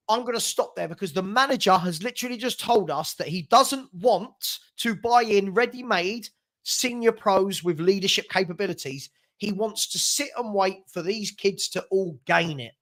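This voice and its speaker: A high-pitched man chats about football for a live stream. His talk is frustrated and rambling. He repeats words as he gets worked up. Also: moderate pace, a bit bright. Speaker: host of football watchalong. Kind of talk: casual football chat.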